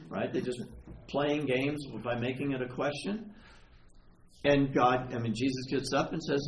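A man preaching a sermon in a conversational, animated way, retelling stories and asking his listeners questions. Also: mid-range voice, moderate pace. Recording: echoey room with faint ambient noise.

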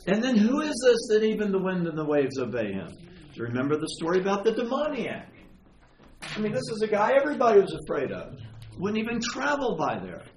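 A man preaching to his congregation, talking things through and asking questions in a lively, animated way. His voice sits a little on the high side and rings in a roomy church. Faint ambient noise lies under his words. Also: a little fast. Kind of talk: sermon.

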